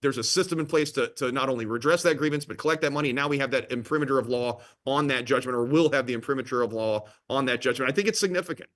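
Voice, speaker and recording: A man, a state attorney general, answering interview questions in a measured, formal way with some filler pauses. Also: medium pitch, a bit bright.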